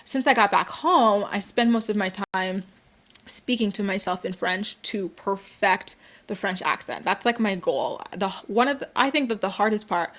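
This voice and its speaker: A woman's voice: mid-range voice, lively intonation, normal speed, fairly bright tone. A young woman from Canada hosting a casual livestream, chatting upbeat with viewers and peppering her talk with "like" and "girl". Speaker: livestream host. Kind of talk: casual chat reading viewer comments.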